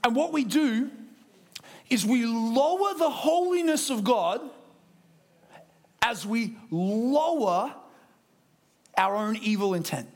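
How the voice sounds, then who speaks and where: An Australian man preaching a sermon at a church service, lively and conversational, acting out quick impressions. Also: extremely high pitch.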